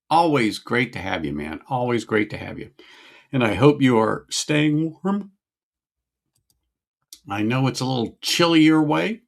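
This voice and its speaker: Middle-aged guy w a gravelly voice just chatting on his whiskey stream, greeting folks. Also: a little high. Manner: chatty, musing aloud, greets viewers. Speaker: livestream host. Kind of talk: casual whiskey-tasting livestream chat.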